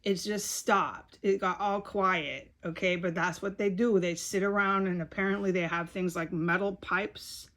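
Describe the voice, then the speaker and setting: A woman's voice: medium pitch, fairly even intonation, measured pace, few pauses, fairly bright tone. A woman giving a rambling, frustrated video monologue, repeating herself and swearing often. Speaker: video blogger.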